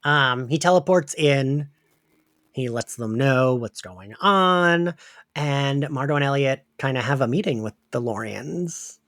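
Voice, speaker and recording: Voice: medium pitch, expressive, a little slow, fairly bright tone, no echo, studio quality. A podcast co-host chatting casually in a TV episode review, laughing often and filling talk with "like". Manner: chatty, giggly, many "like" fillers.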